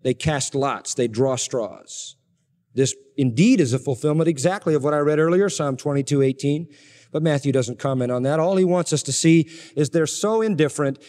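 In a hall with heavy reverb, an older pastor preaches an expository sermon. His delivery swings from loud, emphatic moments to quiet, low-voiced lines.

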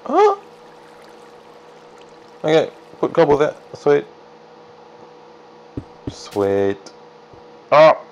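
A man casually commentating his own gameplay, chatty and self-deprecating, jumping into excited high yelps. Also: a little slow, long pauses, lo-fi sound, a little hiss or hum. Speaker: let's play gamer.

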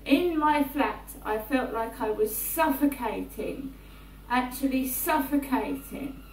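Woman vlogger, repetitive and slow-spoken, recorded at a distance in an echoey room. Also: high-pitched. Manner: repetitive, often checks in with "right?". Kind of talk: rambling personal monologue. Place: indoors in her flat. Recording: roomy, distant mic, faint hum.

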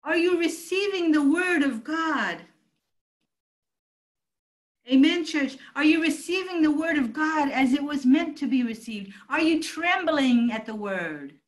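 Woman pastor, high voice, animated pitch, emphatic sermon delivery. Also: moderate pace, few pauses, poor audio. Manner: emphatic preaching, calls out to the church.

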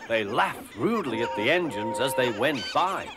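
A man narrating a children's storybook with gentle, expressive storytelling. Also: mid-range voice, normal speed, very noisy. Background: music.

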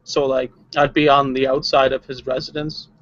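A male player describes his moves in a tabletop game, hesitant and stumbling over his words. His voice is mid-pitched. The recording is dull and lo-fi. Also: level tone, normal speed, fairly bright tone. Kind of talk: casual tabletop play.

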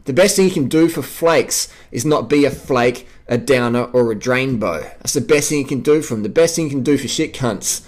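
An Australian man rants straight to his viewers in a vlog, swearing freely and driving each point home through repetition. His voice sits a little higher than most men's, and he talks with blunt, restless conviction. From South Australia. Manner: profane, emphatic and repetitive. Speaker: vlogger. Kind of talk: unscripted rant to camera.

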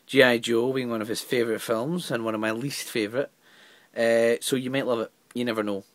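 A man's voice: mid-range voice, steady tone, a little fast, no room sound. Exasperated man ranting a review. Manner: exasperated rant with stammering restarts. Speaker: film reviewer. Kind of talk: casual video review.

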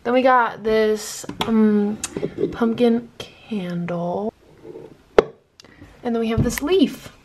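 A woman's voice: a little high, slow pace, long pauses, recorded from a distance. A young woman chatting casually for her vlog, bubbly and slangy, joking around with a friend while decorating her house. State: out of breath. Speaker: vlogger. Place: house and basement, indoors. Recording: roomy home audio with faint ambient noise.

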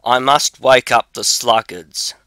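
A man's voice: medium pitch, steady tone, slow, bright, forceful tone, no room sound. A man reading as a bold young drummer. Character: brave, boastful young male drummer.

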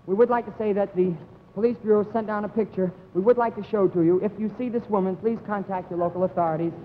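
A young man hosting a live comedy TV show, delivering announcements in a mock-earnest pitchman manner. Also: steady tone, fast talker, big-room sound, a little hiss or hum. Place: TV studio stage before an audience. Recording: dull 1950s TV broadcast with loud studio audience.

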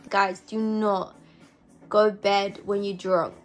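A woman's voice: mid-range voice, flat delivery, slow pace. A young woman vlogging while drunk, chatting loosely and swearing as she does her makeup. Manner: loose, giggly and rambling, swears casually. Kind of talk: casual chat while doing makeup.

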